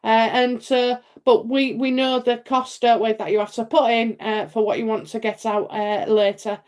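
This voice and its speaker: Middle-aged British woman, psychic live-streamer, slightly high voice, rambling and chatty, quick to laugh. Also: little pitch movement, a little mellow. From United Kingdom. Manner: chatty and rambling, many fillers and tag questions; laughs often. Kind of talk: casual live-stream reading.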